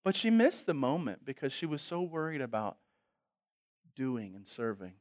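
A male pastor preaching a sermon with humor, moving between loud exhortation and quiet, reflective asides. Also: mid-range voice, big pitch swings, normal speed.

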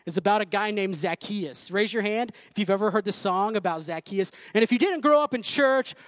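A man's voice: high voice, brisk, dry recording. A man preaching a sermon in a conversational way, with asides and light jokes, speaking to a room. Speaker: pastor. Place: church room.

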